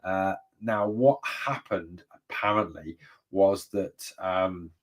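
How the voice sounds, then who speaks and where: A blunt man hosts a live chat, swearing freely and calling viewers "mate". His voice sits low and husky. He sounds a little distant from the microphone. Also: takes it slowly. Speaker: host of a fan channel. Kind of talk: live stream chat reading comments.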